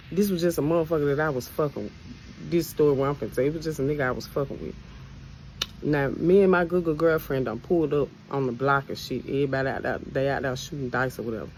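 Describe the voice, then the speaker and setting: A woman's voice: deep voice, a little hiss or hum, low-quality recording. A woman telling a personal story in a blunt, profane, conversational rant.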